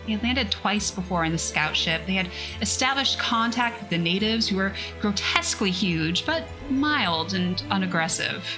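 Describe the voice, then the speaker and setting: A woman's voice: medium pitch, expressive, normal speed, few pauses, music in the background, poor audio. A woman reading a science fiction story aloud on a casual livestream, breaking off for chatty, self-mocking asides.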